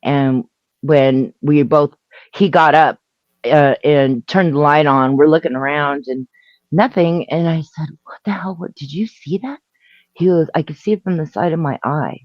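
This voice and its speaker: A woman telling a story on a live stream in a halting way, laughing and restarting her sentences. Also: deep voice, a little mellow, dry recording, highs cut off. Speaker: guest storyteller. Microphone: video call.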